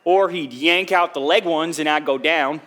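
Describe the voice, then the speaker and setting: A poor young drifter, played by a man on a theatre stage, telling his hard-times story in earnest, folksy speech with rustic grammar. His voice is fairly high and bright. The monologue is delivered with plain, sincere stage presence. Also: normal speed, lightly acted.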